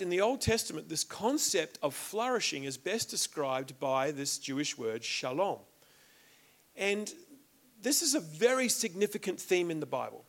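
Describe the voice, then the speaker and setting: A man preaching to a congregation, his voice sitting a little high for a man. He reads scripture aloud and presses his points with rising emphasis. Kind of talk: sermon.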